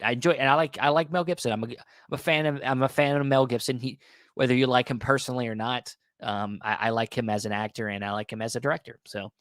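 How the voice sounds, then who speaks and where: A man's voice: mid-range voice, no room sound, studio quality. A man hosting a casual vlog about his recent Blu-ray purchases, rambling with many restarts and fillers, his voice a little worn as he is losing it. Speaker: video host reviewing Blu-ray purchases. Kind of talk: casual unscripted vlog talk.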